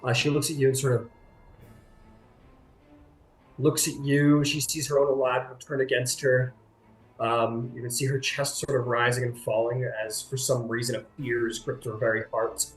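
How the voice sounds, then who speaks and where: A man's voice: medium pitch, little pitch movement, normal speed. A man narrating a tabletop game as game master in a casual, rambling way full of fillers. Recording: echoey room with faint music.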